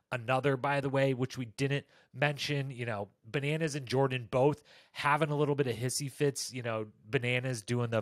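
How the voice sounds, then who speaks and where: A man hosting a casual reality-show recap, talking animatedly and jumping up in pitch when he quotes people. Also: no room sound, clean studio sound. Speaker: recap podcast host. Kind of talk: casual commentary.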